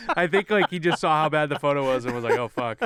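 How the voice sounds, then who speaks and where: A man co-hosting a hockey podcast, chatting casually and tossing in quick jokes. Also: on the high side, wildly swooping pitch, fairly bright tone. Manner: quick, joking asides. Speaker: podcast co-host.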